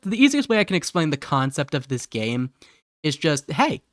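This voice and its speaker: A man's voice: fairly high pitch, very animated, normal speed, dry recording, studio quality. A man from Ohio chatting casually while streaming a game, rambling, giggly and correcting himself as he goes. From Ohio, USA. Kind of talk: casual live-stream chat.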